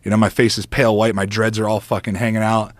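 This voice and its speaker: A man's voice: lowish voice, quick pace, no room sound. Profane man telling a hunting tale. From United States. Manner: animated, profane, laughing storyteller. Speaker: podcast guest, former football player. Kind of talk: casual storytelling.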